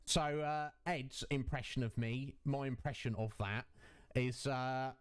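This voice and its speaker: A man streamer in casual chat, effusive and chatty, warmly greeting viewers by name. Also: medium pitch, fairly even intonation, unhurried, clear, resonant tone.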